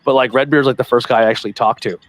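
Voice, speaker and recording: A man hosting a podcast, telling excitable, casual stories and swearing freely. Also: mid-range voice, racing. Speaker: podcast host. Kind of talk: casual chat.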